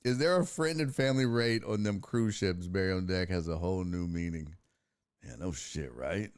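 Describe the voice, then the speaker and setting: Hosting a live-streamed sports talk show, a man with a low, clear and resonant voice reads viewer messages and responds to them. He swears freely, sounds exasperated and laughs readily between remarks.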